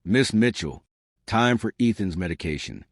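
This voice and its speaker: A man's voice: on the low side, lively intonation, normal speed, no echo, studio quality. A man playing a wealthy middle-aged father who talks in a clipped, condescending, controlling way. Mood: cold menace.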